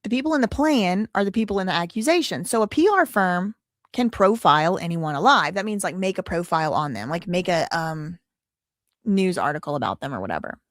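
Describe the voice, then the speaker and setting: A woman's voice: fairly low pitch, expressive, a little fast, no echo, studio quality. A woman hosting a live commentary show, reading out documents with sarcastic, wry asides.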